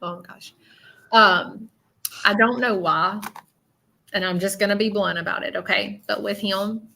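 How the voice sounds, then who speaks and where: A woman's voice: mid-range voice, steady tone, measured pace, vocal fry, bright, forceful tone, slight background noise. A woman with a Southern accent hosting a live psychic reading, chatty and blunt with many fillers. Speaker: spiritual medium.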